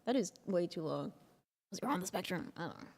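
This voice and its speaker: A woman's voice: on the low side, expressive, fast, darkish tone, big-room sound. A woman co-hosting a casual podcast chat, blunt and teasing, swearing freely and filling gaps with "um" and "like.". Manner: blunt, teasing and profane, with frequent fillers. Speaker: co-host.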